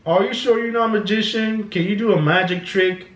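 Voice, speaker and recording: A man voicing an excited, curious small boy in a squeaky, high childlike voice. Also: brisk. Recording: echoey room.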